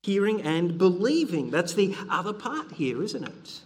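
A man's voice: high-pitched, sing-song, unhurried, in a large hall. A middle-aged man preaching a sermon, earnest and conversational, with frequent fillers and restarts.

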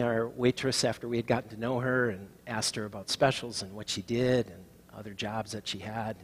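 A middle-aged male pastor giving a sermon and telling stories, rising to loud proclaiming and dropping to soft, near-whispered lines. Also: lowish voice, slightly rough. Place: church sanctuary.

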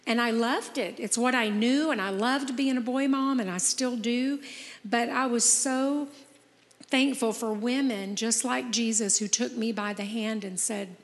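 A woman's voice: a little high, fairly even intonation, a little slow. Earnest woman in her fifties, echoey. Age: 50s. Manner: earnest, encouraging, tells personal stories. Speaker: podcast host. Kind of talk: casual heartfelt chat.

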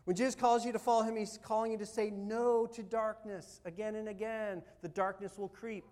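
Animated high-voiced male preacher. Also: fairly quick. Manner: animated, swings from loud urging to soft quiet asides. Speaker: pastor. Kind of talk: sermon.

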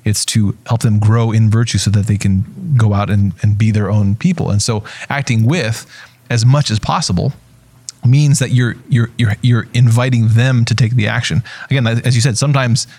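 Lower-pitched male host, dry close sound, thinking aloud. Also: fairly even intonation, a little mellow, husky, no echo. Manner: thoughtful, halting with restarts. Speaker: podcast host. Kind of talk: casual podcast conversation.

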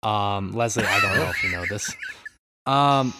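A man's voice: lowish voice, a little slow, shouting, heavy background noise. Chatty man explaining on a podcast. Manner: apologetic, chatty, explaining at length. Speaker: podcast host. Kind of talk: casual podcast chat. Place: home room in a city with street protests outside. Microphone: remote call, mutes mic.

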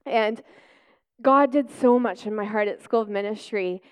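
A woman pastor preaching a personal testimony, telling stories with lively acted-out quotes and easy laughs. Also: mid-range voice, normal speed, smooth. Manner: animated storytelling, acting out quotes.

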